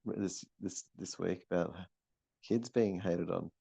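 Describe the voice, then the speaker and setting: A man chatting casually as co-host, relaxed and quick to laugh, on a dull lo-fi recording. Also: sits low, vocal fry, breathy edge, no room sound. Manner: relaxed, brief replies, laughs easily. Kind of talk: casual chat. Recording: dull lo-fi dry sound.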